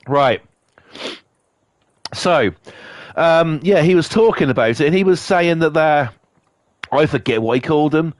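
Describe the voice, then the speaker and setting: A man's voice: expressive, measured pace, long pauses, no room sound. A man streaming to a live chat, ranting angrily and swearing a lot, coughing now and then. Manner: angry, sweary rant with big pitch swings.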